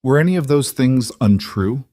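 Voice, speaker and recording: A man voicing a poised young frontier bride who speaks in a clear, measured, precise way. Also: medium pitch, animated, dark tone, no echo, studio quality, pitched above the performer's own voice, natural voice. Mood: calm, measured.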